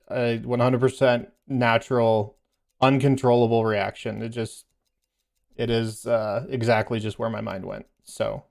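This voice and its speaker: A man's voice: mid-range voice, gravelly. A man and parent chatting casually while playing a game, telling a story in a rambling, filler-heavy way and laughing as he goes. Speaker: gaming streamer and parent.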